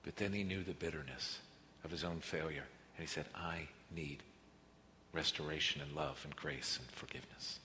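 A man preaching a sermon as pastor, earnest, moving between quiet reflective passages and emphatic rises. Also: rumbling low, normal speed. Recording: reverberant hall with faint noise.

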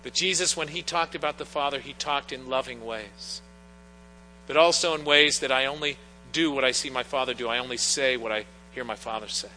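Bright-voiced man preaching in a reverberant church. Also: mid-range voice, a little fast, soft background music. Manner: earnest, storytelling with personal anecdotes. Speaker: pastor. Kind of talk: sermon. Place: church sanctuary. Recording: long church reverb, faint mains hum.

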